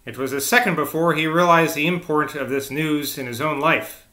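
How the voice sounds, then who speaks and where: Guy reading a novel out loud, chatty asides, kinda high bright voice, echoey room. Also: moderate pace. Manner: informal, chatty, self-interrupting. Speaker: audiobook reader.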